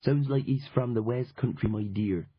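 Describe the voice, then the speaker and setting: A man with a husky voice voicing a sharp, sardonic Scottish woman journalist with a blunt, profane manner, in an audiobook. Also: mid-range voice, normal speed, no echo, close to an everyday voice. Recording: dull lo-fi audiobook recording.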